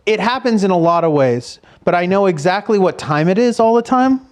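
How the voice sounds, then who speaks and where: A man co-hosting a comedy podcast in casual chat, speaking in a low-key, halting way and trailing off mid-thought. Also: lively intonation. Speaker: podcast co-host.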